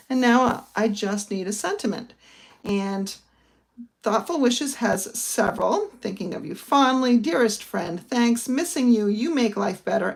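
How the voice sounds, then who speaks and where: Woman, middle-aged, casual crafting demo, step-by-step, gravelly, medium pitch. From northern United States. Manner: chatty, friendly step-by-step explaining. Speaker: papercraft instructor.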